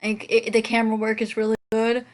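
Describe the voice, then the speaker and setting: A woman's voice: fairly high pitch, monotone, a little fast. An eighteen-year-old woman vlogging her reaction to a movie in casual chat, rambling with lots of "like"s and frequent laughs. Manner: chatty and rambling, laughs often, many "like"s.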